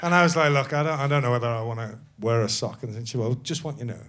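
A man's voice: medium pitch, racing, noisy background. A man telling a self-deprecating story as a guest on a live comedy podcast, laughing often. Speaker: actor guest.

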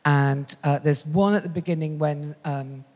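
A middle-aged woman talking as a guest on a live podcast, blunt and self-mocking, quick to run herself down and to swear. Her voice carries a long reverb, as if she were on a theatre stage. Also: low voice, fairly even intonation, a little mellow. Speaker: guest, comedian and novelist. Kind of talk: casual live podcast chat. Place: theatre stage before an audience.

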